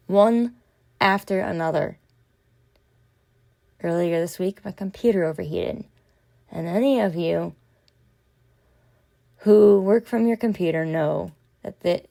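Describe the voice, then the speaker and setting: A woman's voice: lowish voice, vocal fry, dark tone. A woman hosting a reflective solo podcast, speaking earnestly and heartfelt, addressing her listeners as friends. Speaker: podcast host.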